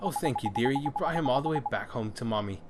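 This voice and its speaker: A man's voice: medium pitch, expressive, fast, very noisy, natural voice. A man doing a doting older cat lady. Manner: sweet and doting. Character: fussy older woman doting on her cat. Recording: loud game music behind.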